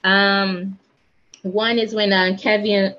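A woman's voice: medium pitch, flat delivery, slow, a little hiss or hum. A woman co-hosting a podcast in casual chat, rambling with frequent ums and light laughs. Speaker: podcast co-host. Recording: dull, lo-fi sound.

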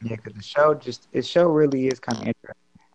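A man's voice: medium pitch, gravelly. A man chatting casually in a group call, rambling and restarting his sentences often. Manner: rambling, halting, many restarts. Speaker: podcast participant. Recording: muffled lo-fi mic.

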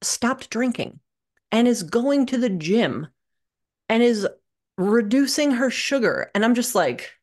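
A young adult woman telling a personal story as a podcast guest, animated and sardonic, swearing freely. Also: on the high side, slow. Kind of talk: candid conversational storytelling. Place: living in Minnesota.

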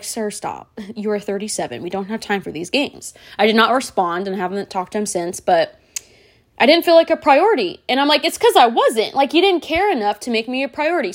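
A woman in her thirties hosting a solo podcast, talking bluntly and candidly straight to the listener. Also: on the high side. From United States. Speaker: podcast host.

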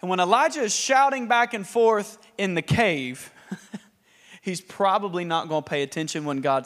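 A man preaching a sermon in an animated way, acting out scripture scenes with laughs. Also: high-pitched, moderate pace, in a large hall. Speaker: pastor.

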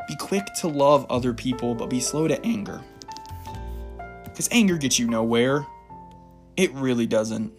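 A man's voice: medium pitch, lively intonation, unhurried, pauses often, faint music behind. A man giving an informal devotional talk, reading Bible verses and rambling a little as he laughs at himself. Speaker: Christian encouragement speaker.

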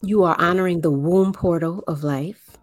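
A woman from the New Orleans area giving a slow explanatory monologue, with deliberate, drawn-out phrasing and pauses. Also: fairly low pitch, no room sound, soft background music.

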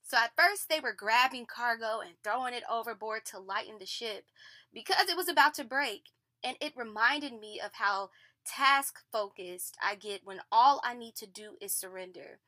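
Bright-voiced woman hosting a casual devotional. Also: a little high, normal speed, no echo. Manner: expressive, conversational, addresses listeners as y'all. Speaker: devotional podcast host. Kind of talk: casual devotional reflection and Bible reading.

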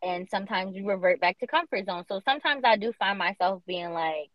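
A woman's voice: medium pitch, brisk, hardly any pauses, no room sound. Emphatic young woman podcast co-host. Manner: emphatic, slangy, lots of "like". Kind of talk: casual chat. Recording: dull lo-fi podcast audio.

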